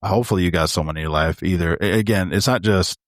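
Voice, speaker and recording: This podcast co-host has a low voice and a quick pace, talking earnestly and reflectively in a casual chat. He refers to the men listening as "bro," and the recording is clean studio quality with no echo.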